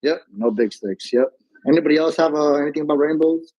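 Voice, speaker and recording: Fast goofy man, muffled sound. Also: on the high side. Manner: goofy, mock-innocent, rambling. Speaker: debate participant. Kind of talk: casual debate chat.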